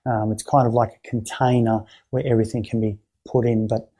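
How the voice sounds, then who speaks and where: A man teaching clinicians how to run a therapy exercise, his voice warm and a touch husky. He talks in a halting way, circling back over words and restarting sentences as he explains. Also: lowish voice, little pitch movement. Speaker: therapy trainer.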